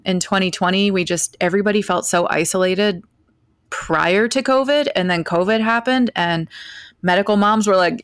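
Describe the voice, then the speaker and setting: A woman on a podcast talking bluntly and candidly, a caregiver who sounds worn down from too little sleep. Her voice sits a little low for a woman. The recording is dry and close, with no room sound. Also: clear, resonant tone, no echo. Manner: blunt, candid, animated storyteller. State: sleep-deprived. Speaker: podcast guest, mother and caregiver. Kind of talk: casual podcast conversation.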